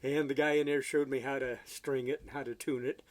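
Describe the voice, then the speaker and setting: A man telling a story in a casual, folksy way, halting often with fillers, as an amateur songwriter and guitarist. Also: medium pitch, level tone.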